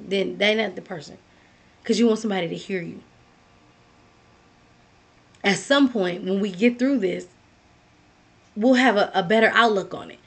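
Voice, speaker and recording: A woman's voice: medium pitch, moderate pace, pauses often. A woman giving a motivational talk, earnest and direct, repeating key phrases as she speaks to the listener.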